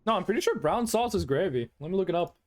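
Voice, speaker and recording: A man's voice: high-pitched, animated, fast talker. A man from Norway, chatting casually with his stream chat in a playful, rambling, teasing way.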